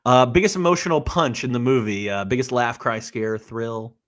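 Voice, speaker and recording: A man co-hosting a movie podcast, relaxed and laughing, asking his partner questions. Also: mid-range voice, normal speed. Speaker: podcast co-host. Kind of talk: casual movie podcast chat.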